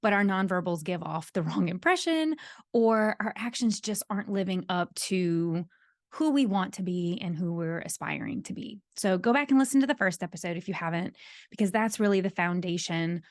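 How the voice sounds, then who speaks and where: A woman's voice: lowish voice, lively intonation, normal speed, no echo. Earnest woman podcaster, dry close sound. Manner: earnest, emphatic, repeats key points. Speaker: podcast host and leadership coach. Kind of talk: solo podcast monologue.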